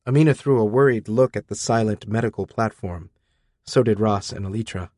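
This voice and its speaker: A man narrating a first-person audiobook in a dry, deadpan manner. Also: lowish voice, fairly quick, no room sound.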